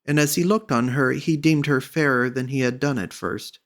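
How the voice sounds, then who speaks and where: A man reading a classic storybook aloud as an audiobook narrator, in a measured, even manner. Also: medium pitch. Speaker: audiobook reader.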